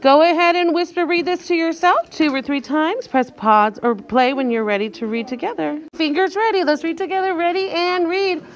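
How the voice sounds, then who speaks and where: A woman teacher leading a guided reading lesson for young children, sounding out words slowly and encouraging her class. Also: extremely high pitch.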